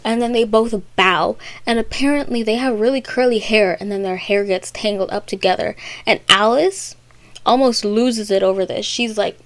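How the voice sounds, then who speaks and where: A woman casually retelling a classic story in a chatty, rambling way, popping into quick character voices. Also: medium pitch, no echo.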